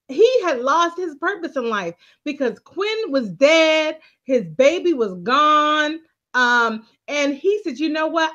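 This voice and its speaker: Woman, high voice, very lively pitch, muffled lo-fi sound, animated recap chat. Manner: animated storytelling, laughing often, keeps addressing co-host. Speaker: co-host.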